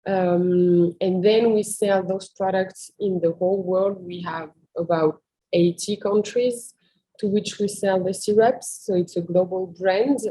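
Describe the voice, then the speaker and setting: A woman's voice: medium pitch, fairly even intonation, unhurried, mellow, rough recording. A woman with a French accent giving a product presentation in a webinar, talking conversationally with frequent um and uh fillers. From France.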